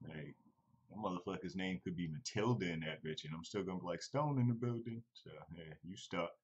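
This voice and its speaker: Laid-back male podcast host, deep raspy voice, rambling and profane, muffled lo-fi recording. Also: steady tone, a little fast. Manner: loose, rambling and profane, breaks into laughter. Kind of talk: casual chat.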